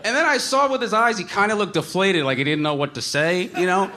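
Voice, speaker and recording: A man's voice: high voice, brisk, sharp tone, slight background noise. A man telling a comic story in a casual, rambling way, full of "like" and "you know.".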